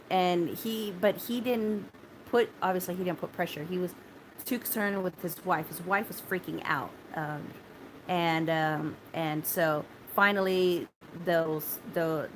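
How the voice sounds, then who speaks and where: A woman's voice: lowish voice, a little hiss or hum, low-quality recording. A woman telling a story on her phone with many fillers and restarts, speaking in an urgent way. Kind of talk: casual spoken account to a phone. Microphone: phone held close.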